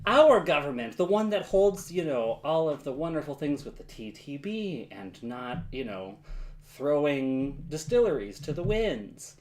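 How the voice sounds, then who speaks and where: Playful, lively-voiced joking man. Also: fairly high pitch, unhurried. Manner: joking, playful, slips into bits. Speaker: podcast co-host. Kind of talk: casual beer-tasting chat.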